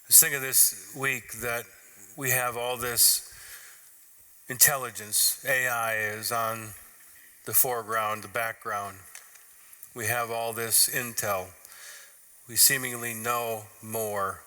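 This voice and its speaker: Bright-voiced man preaching. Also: medium pitch, steady tone, takes it slowly, long pauses. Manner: earnest, conversational preaching. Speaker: pastor. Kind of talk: sermon.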